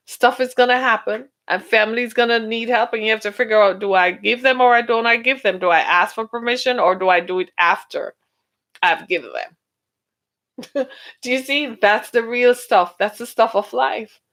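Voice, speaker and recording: A woman hosting a casual relationship-advice talk, animated, laughing often and acting out little dialogues. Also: a little high. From United States. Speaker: podcast host.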